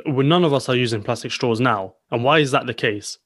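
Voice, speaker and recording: A man's voice: medium pitch, fairly quick, dry recording. An emphatic man co-hosts a casual podcast, pushing his points and leaning on filler phrases. The recording is dry and close, with no room sound. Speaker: podcast co-host.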